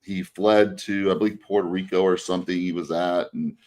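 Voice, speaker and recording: A man's voice: deep voice, fairly even intonation, a little fast, a little mellow. A male podcast co-host casually telling a long story, rambling with many fillers and restarts.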